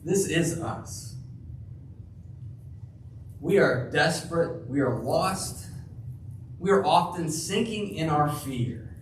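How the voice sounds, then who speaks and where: A male pastor preaching a sermon in a church, slow and emphatic, dropping to a hush for key phrases. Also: a little high, lively intonation, slight background noise. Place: church sanctuary. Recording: echoey room, heard from a distance.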